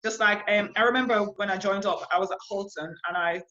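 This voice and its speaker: Bright-voiced chatty woman, muffled audio. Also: mid-range voice, brisk. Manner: chatty, many "like" and fillers. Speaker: guest, air force corporal. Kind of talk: casual storytelling in an interview.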